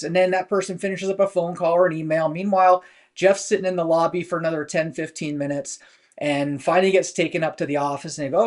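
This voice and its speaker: A man with a fairly high voice hosts a weekly business talk. He speaks conversationally and rambles a little, leaning on fillers as he tells stories from work. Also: steady tone, fast talker, a little mellow. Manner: conversational storytelling with many fillers. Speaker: host.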